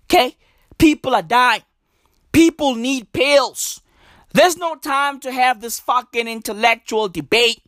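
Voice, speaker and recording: Stand-up comedian, profane ranting, repeats catchphrases, unhurried delivery. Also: high-pitched, a bit bright, no room sound, studio quality.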